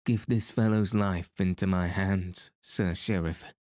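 A man's voice: sits low, fairly even intonation, takes it slowly, a little mellow, no echo, clean studio sound. Man putting on a harsh-voiced disguised outlaw. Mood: grim.

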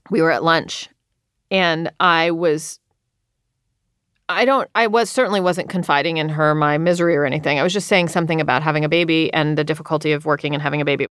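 A woman in her thirties, an author, talking candidly in an interview, earnest and quick with frequent restarts. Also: low voice, smooth, no room sound, clean studio sound. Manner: earnest, rushed, many restarts and quoted self-talk.

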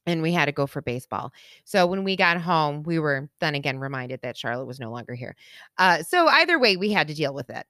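A woman's voice: deep voice, sing-song, fairly quick, pushed and bright, no echo, clean studio sound. A woman co-hosting a casual podcast, telling a personal story candidly, acting out quotes and laughing through the sad parts. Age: adult with children. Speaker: podcast co-host.

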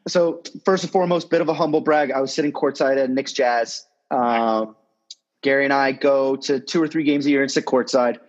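A man's voice: mid-range voice, normal speed, lo-fi sound. A man in his thirties, a sports agent, telling stories in a casual, rambling way with some swearing, as a podcast guest. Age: 30s. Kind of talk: podcast interview storytelling.

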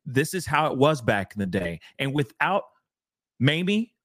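Male co-host, middle pitch, emphatic and repetitive, dry studio sound. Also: sing-song, a little slow, fairly bright tone, dry recording. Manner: emphatic, repeats phrases for emphasis. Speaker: podcast co-host. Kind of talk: casual discussion.

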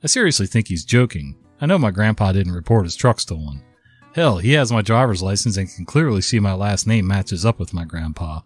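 A man's voice: lowish voice, lively intonation, a little fast, slightly rough, soft background music. Worn-out man in his fifties telling a story. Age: 50s. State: worn out from a cold. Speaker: story narrator. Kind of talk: casual story narration.

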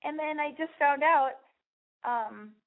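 A woman's voice: high voice, slow pace. A woman podcast host with a lisp, giving a brash, profane, rambling and self-deprecating advice monologue. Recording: phone-like narrow band.

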